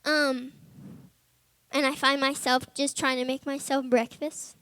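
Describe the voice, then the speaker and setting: A young woman with a bright, high voice shares a personal testimony with fellow students. She talks informally, leaning on "like" and "um", and turns quiet and earnest as the story gets heavy. The sound is close and dry. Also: flat delivery, a little slow, dry recording. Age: young adult. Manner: earnest, soft and subdued in heavy moments. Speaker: Bible college student.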